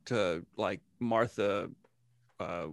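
A man's voice: lowish voice, drawn-out words, background noise. A man co-hosting a casual podcast chat, blunt and joking, swearing freely. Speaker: podcast co-host.

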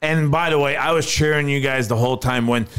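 A man co-hosting a podcast, bantering loudly and cursing often. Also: mid-range voice, steady tone, fairly quick, smooth. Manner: loud, profane, jokey. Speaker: podcast co-host. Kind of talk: casual banter.

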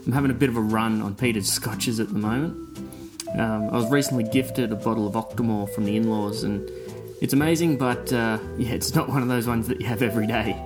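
A man with an Australian accent, a podcast listener answering interview questions in a measured, thoughtful way with frequent ums. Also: fairly low pitch, music in the background.

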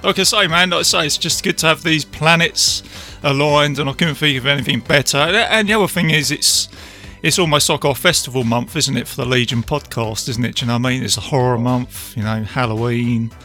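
A man's voice: medium pitch, brisk, bright, forceful tone, soft background music. A man hosting a podcast, chatting casually with guests in a friendly, laughing way. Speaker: podcast host.

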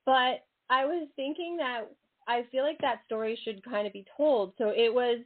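A woman hosting an interview show, bubbly and quick to laugh, talking eagerly with her guest. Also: a little high. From United States. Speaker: host. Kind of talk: casual interview chat. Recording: tinny phone-like sound.

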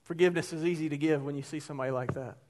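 A man's voice: fairly high pitch, steady tone, rapid-fire, darkish tone, slight background noise. A male pastor preaching a sermon in a conversational, emphatic way, weaving in personal stories.

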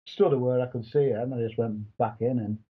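A man's voice: medium pitch, fairly even intonation, fairly quick, husky, phone-quality sound. A middle-aged man, co-hosting a podcast and telling stories bluntly with British slang. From England. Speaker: podcast co-host. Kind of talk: casual chat.

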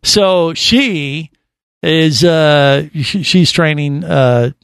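A man's voice: a little high, extremely slow, gravelly, a bit bright, smooth, no room sound. A man hosting a radio show, chatting in a casual, rambling and joking way in a studio. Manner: jokey, rambling banter.

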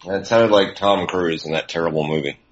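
A man chatting casually as a podcast co-host, making dry deadpan jokes. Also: low-pitched, a little fast. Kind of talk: casual chat. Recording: dull lo-fi recording.

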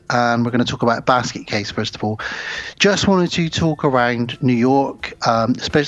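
A man's voice: mid-range voice, no echo, dull audio. A man co-hosting a horror podcast, chatting casually and rambling with lots of fillers and restarts. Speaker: podcast co-host.

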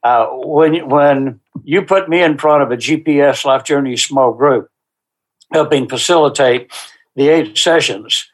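A man as a guest in an interview, earnestly describing the small-group workshops he leads, with unhurried, faith-driven conviction. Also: mid-range voice. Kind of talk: interview answers.

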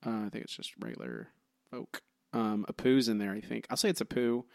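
A man's voice: on the low side, big pitch swings, a little fast, vocal fry, darkish tone, no room sound, studio quality. Teasing, rambling male podcast host. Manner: teasing, rambling with many fillers. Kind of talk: casual trivia chat.

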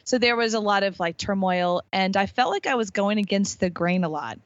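Lively woman telling her story. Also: mid-range voice, a little fast, no room sound, lo-fi sound. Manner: animated storyteller, acts out quoted voices. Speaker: guest. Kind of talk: casual interview chat.

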